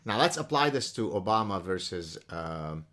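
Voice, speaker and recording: A man's voice: low voice, big pitch swings, normal speed, pushed and bright. A man who speaks Arabic as his first language, hosting an interview and building a point with rhetorical questions. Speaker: podcast host. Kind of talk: interview conversation.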